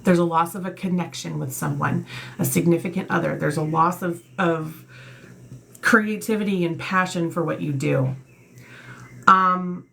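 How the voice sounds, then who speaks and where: A woman's voice: fairly low pitch, measured pace, vocal fry, sharp tone. A woman giving a casual tarot card reading, reading card meanings aloud and breaking off to talk bluntly and emphatically, swearing freely. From Italian heritage. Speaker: tarot reader.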